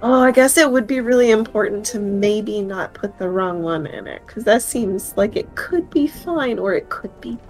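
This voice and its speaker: A woman's voice: medium pitch, lively intonation, normal speed, few pauses, darkish tone, rough recording. Woman player, tentative, faint music underneath. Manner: tentative, thinking aloud. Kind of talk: tabletop game play.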